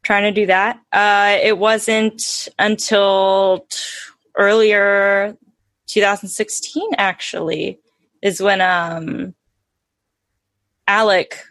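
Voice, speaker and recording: A guest on a podcast chatting casually, with brief relaxed replies. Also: mid-range voice, slow pace, pauses often, no echo. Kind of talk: casual chat.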